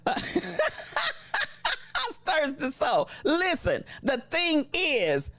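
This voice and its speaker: A livestream host in casual chat, reading viewer comments aloud with slangy shout-outs and frequent laughter. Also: sits high, wildly swooping pitch, takes it slowly, no echo.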